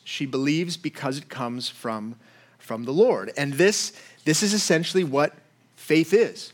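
Conversational male pastor, higher voice. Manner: conversational, checks in with listeners. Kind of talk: sermon.

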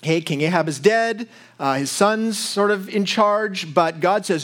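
A man's voice: high-pitched, a little slow, a bit bright. A man preaching a sermon as pastor, teaching in a conversational way with frequent asides to his listeners.

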